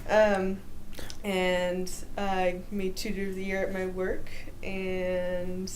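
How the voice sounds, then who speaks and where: A chatty young woman from Texas cohosts a casual podcast. She is self-amused and slips into little put-on voices when she quotes people. A steady hiss sits under her mid-pitched voice. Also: takes it slowly. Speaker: podcast co-host.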